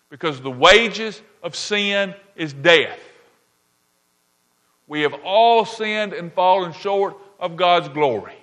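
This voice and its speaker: A man's voice: sits high, sharp tone. A man preaching a sermon, retelling a parable with emphatic repeated phrases and frequent "all right?" check-ins with his listeners. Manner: emphatic, repeats key lines, checks in with the audience. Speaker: pastor.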